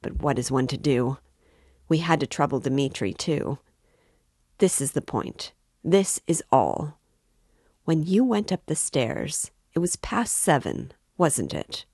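A woman's voice: sits low, expressive, measured pace, darkish tone, no room sound, clean studio sound. A woman reading an audiobook voices an affable, prying older male magistrate who talks with excessive politeness. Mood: amiable probing. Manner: overly polite, familiar, insinuating.

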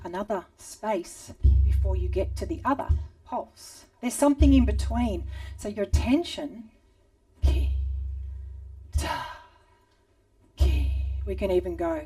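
Woman, rhythm teacher, mellow, calm guiding tone, chants syllables, slightly distant mic. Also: medium pitch, unhurried, faint music behind. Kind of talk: guided movement and rhythm lesson. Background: drum beat.

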